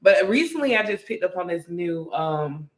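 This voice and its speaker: A woman with a lowish, sing-song voice talks at a moderate pace, co-hosting a podcast. She tells stories in a casual, chatty way, full of fillers. The recording has a roomy echo.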